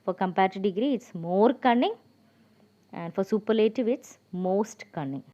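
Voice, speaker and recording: A woman's voice: mid-range voice, animated, moderate pace, mellow, highs cut off. A woman teaching an English grammar lesson, explaining patiently and spelling out words letter by letter, with frequent hesitations.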